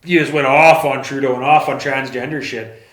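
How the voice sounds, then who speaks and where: A man co-hosting a casual podcast chat, telling stories in an animated way and swearing freely. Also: mid-range voice, moderate pace. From Canada. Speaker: podcast co-host. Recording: echoey room.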